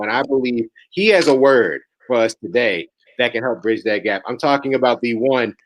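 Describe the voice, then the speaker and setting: Give me a man hosting an online tribute, measured and emphatic as he introduces the next speaker. The sound is dry and close, with no room in it, on a video call. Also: fairly low pitch, dry recording, poor audio. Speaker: program host.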